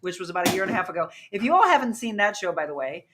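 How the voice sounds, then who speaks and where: A middle-aged woman hosting a casual livestream chat, talking quickly and laughing with people around her. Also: on the low side, very animated, noisy background. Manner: chatty, laughing, quick asides to people in the room. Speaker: host.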